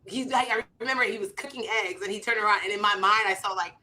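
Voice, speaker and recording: Talking fast, a woman in her thirties, a comedian and author, tells animated stories in conversation. She acts out the quoted dialogue, swinging widely in pitch.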